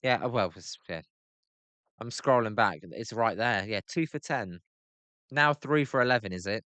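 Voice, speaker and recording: British male streamer, casual play-by-play, smooth clear voice, dry close sound, gripes and chats with viewers. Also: lowish voice, normal speed, sharp tone, no echo. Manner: chatty, answers chat by name, grumbling. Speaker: live-stream host. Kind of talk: casual live play-by-play reaction.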